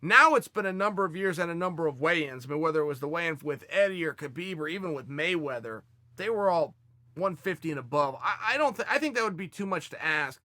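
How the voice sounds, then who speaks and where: A man hosts a fan question show and talks through stories and opinions in a loose, animated way. His voice sits high and sounds very bright and forceful. The sound is dry and close. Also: fast, no room sound. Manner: animated, conversational, retells scenes with quoted dialogue. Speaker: host answering fan questions. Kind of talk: casual storytelling and commentary.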